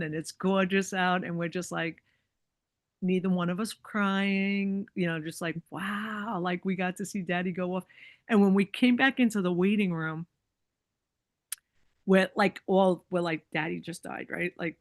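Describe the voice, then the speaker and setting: On a podcast, a woman with a voice on the low side tells a lengthy personal story, recorded with no room sound. Her delivery is chatty and loaded with likes and you-knows, and she performs the quoted lines of the people involved. The conversation is casual and story-driven.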